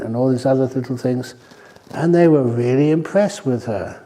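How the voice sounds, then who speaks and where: Older male meditation teacher, mellow and warm in tone, unhurried storytelling with gentle humour at a retreat talk. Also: mid-range voice. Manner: humorous storytelling, relaxed and chatty. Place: retreat centre hall.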